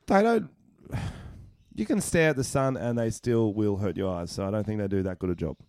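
A man's voice: lowish voice, animated, moderate pace, a little mellow, no room sound, clean studio sound. A young Australian man co-hosting a comedy podcast, cocky and crude, joking and laughing through casual banter. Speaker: podcast co-host, stand-up comedian.

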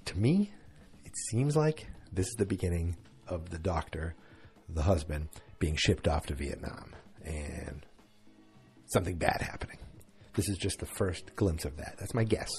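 A man's voice: deep voice, expressive, a little slow, darkish tone, faint music behind. A tired man yawning through a chatty, rambling late-night recap of a TV episode, full of fillers.

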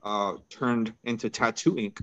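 A man's voice: fairly low pitch, a little slow, bright, forceful tone, no echo, lo-fi sound. A man as a podcast guest, telling a personal story in a laid-back, casual way and peppering his talk with "bro" and "right?".

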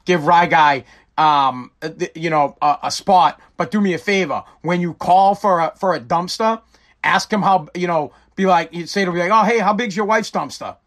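A man's voice: fairly high pitch, normal speed, fairly bright tone. A man hosting a casual live-stream talk show, rambling and joking with frequent swearing. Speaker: show host.

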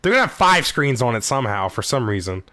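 Animated man on a podcast. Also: quick pace, dry recording. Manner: animated, jokey, pitch jumps up when excited. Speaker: podcast co-host. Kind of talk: casual chat.

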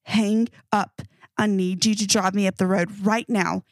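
A woman's voice: medium pitch, little pitch movement, a little slow, dry recording, clean studio sound, natural voice. A woman voicing an injured, drunk man who urgently demands things in a story reading.

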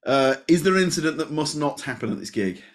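A man's voice: fairly high pitch, lively intonation, fast talker. A man hosting a comedy podcast, reacting to his guest with laughter and short questions. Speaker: podcast host.

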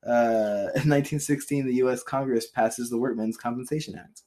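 A man's voice: medium pitch, moderate pace, dark tone. Young man reading dates off a list. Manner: reads "on this day" entries off a list, then cracks dry jokes. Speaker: podcast co-host reading historical dates. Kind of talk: casual comedic chat.

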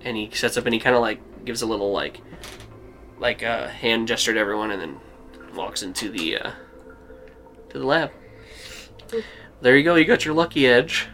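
Guy running a tabletop game, bright voice, rambly, faint music behind. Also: mid-range voice. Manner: rambling, halting, with fillers and laughs. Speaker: game master.

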